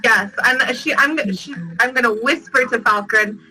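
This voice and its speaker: A woman's voice: fairly high pitch, a little slow, bright, forceful tone, slightly rough, far from the mic, rough recording. A woman playing a tabletop game in a playful, giggly way. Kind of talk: casual chat.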